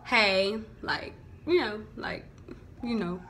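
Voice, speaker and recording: A young woman vlogger from Houston, Texas, with a Southern Houston accent, chats casually about local slang, laughing often and saying "like" a lot. Her voice is medium in pitch with lively intonation and a sharp tone, and she takes her time.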